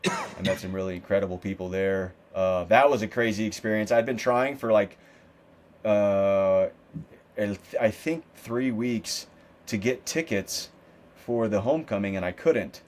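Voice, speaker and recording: A man's voice: on the low side, fairly even intonation, moderate pace, a little mellow, slight background noise. A man guesting on a podcast, telling stories in a loose, profane, casual way and acting out what other people said. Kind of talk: casual storytelling interview.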